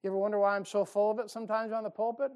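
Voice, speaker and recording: A man's voice: sits high, level tone, rapid-fire, darkish tone, clean tone. Fiery preacher man. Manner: folksy, emphatic preaching with rising outbursts. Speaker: pastor. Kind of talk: fiery sermon. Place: church sanctuary.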